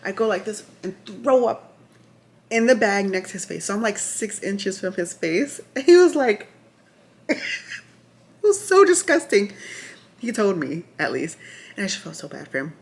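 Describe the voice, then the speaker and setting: A woman's voice: mid-range voice, normal speed, gravelly, slightly rough. Chatty woman retelling her birth story. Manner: chatty and animated, with frequent "like" and restarts; reads from notes at times. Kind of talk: casual storytelling to camera.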